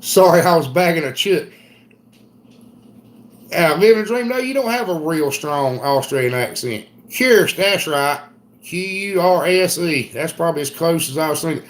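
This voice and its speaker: A middle-aged man with an Eastern North Carolina Southern accent, chatting casually on a livestream in a folksy, drawn-out storytelling way. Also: a little high. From Southern United States. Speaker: livestream host. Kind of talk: casual live chat reading comments.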